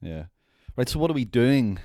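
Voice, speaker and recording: A man's voice: mid-range voice, very animated, normal speed, mellow, no room sound. A man who is a podcast guest, chatting casually, teasing the host in a dry way and swearing now and then. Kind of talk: casual chat.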